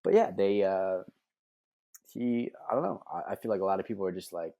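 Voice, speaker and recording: A young man co-hosting a casual reaction podcast, laid-back and halting, with jokes. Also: low-pitched, lively intonation, creaky, warm tone. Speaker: podcast co-host.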